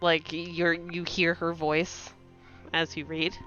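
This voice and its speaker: A woman narrating a tabletop game as game master, pausing often with fillers. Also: fairly low pitch, little pitch movement, bright, forceful tone, soft background music. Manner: hesitant with many fillers. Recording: dull lo-fi sound.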